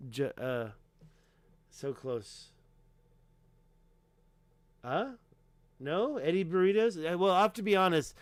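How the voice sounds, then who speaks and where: A man's voice: fairly high pitch, clean tone, no echo. A man hosting a casual livestream, talking emphatically and rambling with lots of fillers while clicking through pages. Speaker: livestream host.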